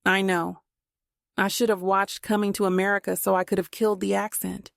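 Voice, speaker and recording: A woman's voice: medium pitch, brisk, vocal fry, no room sound, clean studio sound, lightly acted. A woman voicing a laid-back, joking grown man in a storybook reading. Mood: teasing. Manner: relaxed, joking, casual speech.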